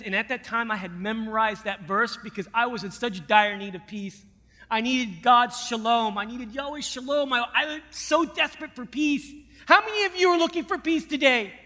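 Male preacher, sermon testimony, high bright voice, hushed to fervent, recorded in a reverberant hall.

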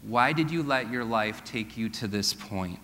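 A man putting on the voice of God, calm and wry and all-knowing. The tone is bright and firm. The hall lets it ring long. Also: fairly low pitch, a little slow. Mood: questioning.

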